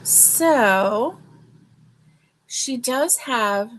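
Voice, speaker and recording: A woman with a slightly high voice hosts a relaxed crochet livestream, talking straight to her viewers. She speaks slowly and rambles, with many fillers. She sounds a bit sleepy. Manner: talks to viewers directly. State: yawning, a little sleepy. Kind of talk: casual livestream chat.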